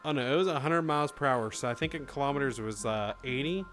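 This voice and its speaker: Casual male streamer, mid-range voice, loose and profane, quiet music underneath. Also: mid-range voice, fast. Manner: chatty, swears freely, reads chat aloud. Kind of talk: casual live-stream chat.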